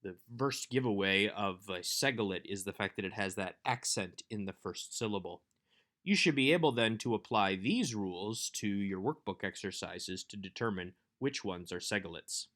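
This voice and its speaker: A man giving a recorded workbook lesson as a Hebrew instructor, explaining grammar in a measured way. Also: on the low side, a bit bright.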